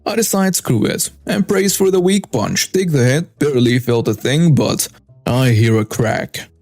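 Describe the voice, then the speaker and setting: A man narrating a first-person story with wry, animated asides. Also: medium pitch, unhurried, no echo, soft background music.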